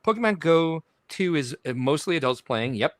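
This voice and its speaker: A man's voice: on the high side, moderate pace, no echo, clean studio sound. A man hosting a casual livestream podcast, chuckling as he reads viewer comments aloud. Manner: animated, chuckles while reading comments aloud. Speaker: podcast host.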